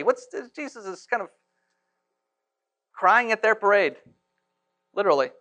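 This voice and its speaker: A man preaching a sermon in church, swinging from hushed to loud and asking rhetorical questions. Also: sits high, animated, a little slow, long pauses. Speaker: pastor.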